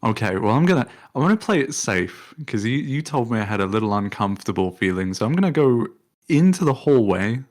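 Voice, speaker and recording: A man's voice: medium pitch, very animated, fairly quick, darkish tone. A man playing a tabletop game, talking hesitantly and chuckling as he plans each move. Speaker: player. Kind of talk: casual tabletop play.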